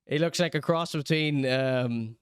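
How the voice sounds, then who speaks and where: A man's voice: on the high side, unhurried, clear, resonant tone, no echo, studio quality. A man hosting a podcast, commenting on viral clips in a casual, chatty and sarcastic way, laughing often. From Northern Ireland. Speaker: podcast host reviewing clips.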